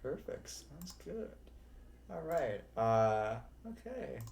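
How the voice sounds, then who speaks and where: A man as game master, running an online tabletop game in a relaxed way with many fillers. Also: medium pitch, slow, gravelly.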